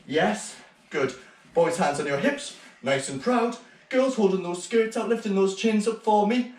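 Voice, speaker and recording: A man teaching an online ballet class for small children, calling out steps and counting the beats with steady encouragement. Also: high voice, a little slow, echoey room, recorded from a distance.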